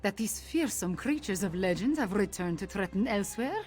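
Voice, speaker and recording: A woman's voice: mid-range voice, animated, normal speed, darkish tone, soft background music, lightly acted. An actress voicing a weary, bitter female feline diplomat and spy in a video game, speaking with a rolling, exotic accent. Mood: determined. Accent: exotic rolled-R accent. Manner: bitter, exasperated.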